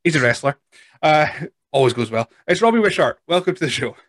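A man's voice: a little high, big pitch swings, fairly quick, fairly bright tone, no room sound. A man hosting a podcast in a casual, rambling, self-deprecating way. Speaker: podcast host. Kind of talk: casual chat.

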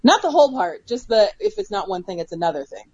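A woman's voice: mid-range voice, big pitch swings, fast talker, a little mellow, dull audio. A woman co-hosting a casual talk show, chatting candidly, telling stories and laughing easily. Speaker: podcast co-host. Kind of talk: casual chat.

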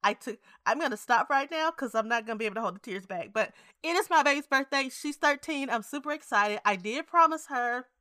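A bright, high-pitched woman chats on a podcast, her voice rising and falling with lots of feeling. She laughs often, and the recording is dry and close. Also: brisk, few pauses, no room sound. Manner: animated, laughs often, emotional. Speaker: podcast co-host. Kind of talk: casual chat.

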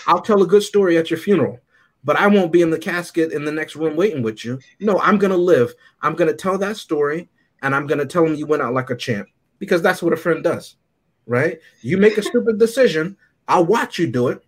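A male podcast co-host casually chats while reviewing a movie, telling stories with animation and laughing often. His voice is a little high with lively intonation, and he talks fairly quickly.

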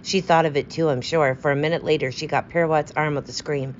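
A woman narrates a story in a steady, measured reading voice. Her pitch sits low. The recording sounds slightly dull, with a faint hiss underneath. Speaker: audiobook narrator. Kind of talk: scripted narration.

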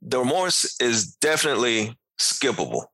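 Lively male co-host, bright forceful tone, dry close sound, casual slang. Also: mid-range voice, moderate pace, husky, no room sound, rough recording. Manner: animated, laughs often, loose slang. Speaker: podcast co-host. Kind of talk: casual music review chat.

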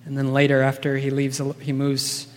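A man's voice: medium pitch, completely flat delivery, moderate pace. A man preaching a sermon in a casual, earnest way, often checking in with his listeners by asking "right?". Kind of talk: conversational sermon. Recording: long reverb of a large hall.

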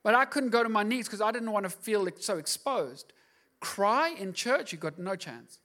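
Male pastor, middle-aged, high-pitched, impassioned preaching that swells to emphatic peaks. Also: expressive, moderate pace, pushed and bright. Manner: passionate, rising to emphatic outbursts. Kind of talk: sermon.

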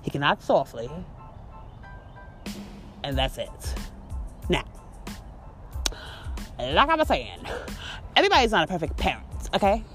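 A woman ranting on her own podcast, swearing freely as she acts out both sides of an argument. Her voice sits fairly low but swings widely up and down. Faint music plays underneath. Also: huge pitch swings, a little slow, long pauses, fairly bright tone. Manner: profane, exasperated storytelling with reenacted dialogue. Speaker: podcast host. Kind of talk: ranting monologue.

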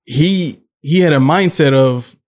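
A man's voice: fairly high pitch, measured pace. A man co-hosting a faith talk, asking thoughtful questions and stumbling over repeated words as he thinks aloud. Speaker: co-host. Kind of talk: casual faith discussion.

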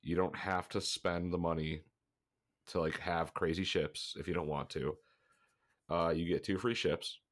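A man's voice: low-pitched, a bit bright. A man co-hosting a gaming podcast, chatting casually and a little congested, rambling and swearing as he talks. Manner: rambling, swears freely, laughs often. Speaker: podcast co-host.

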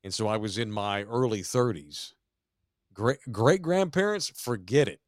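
A man's voice: on the low side, big pitch swings, a little slow, no echo, studio quality. A man, a podcast host telling profane family stories in casual chat. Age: 40s. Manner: profane, rambling storyteller, laughs at dark jokes.

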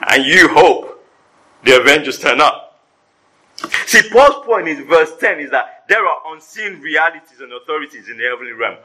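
A pastor preaching a sermon to his congregation, animated and joking in asides. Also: fairly high pitch, normal speed, poor audio. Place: church service before a congregation.

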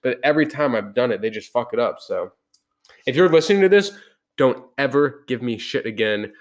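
A man's voice: mid-range voice, expressive, fairly quick. A young man hosting a podcast, telling a heated story in casual chat. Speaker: podcast host. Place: podcast room.

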